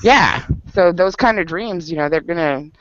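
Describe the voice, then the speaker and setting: A man's voice: a little high, moderate pace. A man at a book club meeting, telling a story in casual group talk and laughing often. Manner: animated storyteller, laughs often, many fillers. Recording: dull lo-fi sound.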